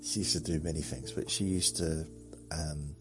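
A man's voice: very deep voice, fairly even intonation, normal speed, over music. A man hosting a sleep podcast, meandering through a rambling monologue and chuckling at himself. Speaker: podcast host.

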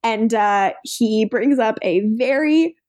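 A woman's voice: fairly high pitch, slow pace, a little mellow. Giggly sarcastic woman podcaster. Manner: giggly and sarcastic, acts out quotes. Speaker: podcast co-host. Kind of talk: casual chat recapping a TV episode.

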